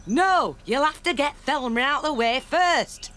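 A brash schemer in a cartoon who swears and plots with her friend, as a woman acts her out. The voice is high and bouncy, with a faint hiss behind it. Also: animated, measured pace, fairly bright tone. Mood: lecturing. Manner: blunt, swearing. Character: blunt, scheming Englishwoman friend.

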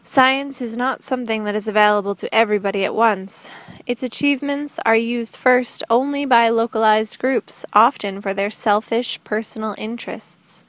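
A woman reading the lines of a calm, gentle young woman in an audiobook, speaking earnestly and evenly. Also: a little high, no room sound, natural voice.

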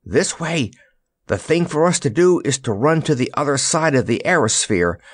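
A man's voice: a little high, expressive, moderate pace, slightly rough, no room sound, studio quality, pitched above the performer's own voice. A man voicing a spirited, teasing young queen in a storybook reading. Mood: lively teasing.

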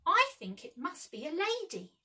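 A woman's voice: very high-pitched, huge pitch swings, normal speed, bright, forceful tone, far from the mic, voice pushed up, full character voice. A woman voicing a puzzled young lost boy who wonders aloud in a children's storybook reading. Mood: wondering.

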